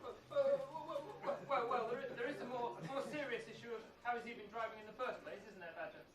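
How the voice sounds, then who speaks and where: A man's voice: very high-pitched, steady tone, fast, over a noisy crowd. A man playing a timid, anxious mole in a live comedy sketch, stammering and repeating himself, recorded from a distance in an echoey room with an audience. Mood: worried.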